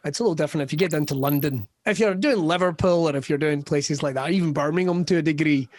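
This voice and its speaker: A middle-aged Scottish man, a comedian guest on a podcast, tells animated stories, laughs often and slips into quick character voices. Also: fairly high pitch, dry recording. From West Scotland. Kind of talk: casual podcast chat.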